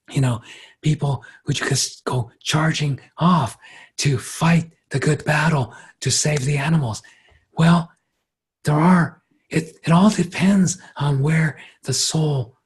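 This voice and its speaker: A man as a spiritual teacher giving a reflective workshop talk, gentle and unhurried, often pausing and turning lively when he quotes others. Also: medium pitch, slightly rough.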